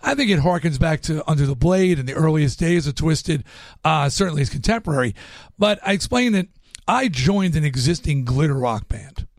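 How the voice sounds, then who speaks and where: A man in a relaxed interview, spinning stories with plenty of energy and slipping into other people's voices as he goes. His voice sits a little on the higher side for a man, and the sound is dry and close with no room around it. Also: moderate pace, no echo. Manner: animated storyteller acting out quotes. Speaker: guest musician. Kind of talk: casual interview storytelling.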